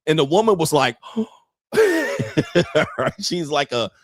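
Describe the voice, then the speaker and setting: A man's voice: a little high, huge pitch swings, slow pace, no echo. Blunt, profane man with a dry sound. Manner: blunt, profane, laughs often. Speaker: commentary host. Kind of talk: casual commentary and storytelling.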